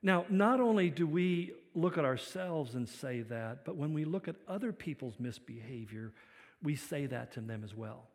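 Male pastor, somewhat high voice, dynamic sermon delivery with loud-soft swings, long hall reverb. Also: animated, normal speed. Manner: dynamic preaching, swinging between loud emphasis and quiet reflection.

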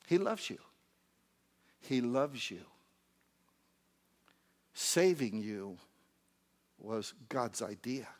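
Man, preacher, sermon, soft one moment and shouting the next, plays out his own inner dialogue. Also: mid-range voice, sing-song, very slow, long pauses. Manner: swings from hushed tender lines to loud exclaimed outbursts; acts out inner dialogue in quoted voices.

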